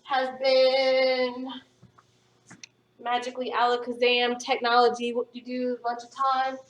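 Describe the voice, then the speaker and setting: A woman teaching a phonics lesson to young students, patient and encouraging, sounding words out slowly. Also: a little high, monotone, fairly bright tone. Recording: echoey room, voice from a distance.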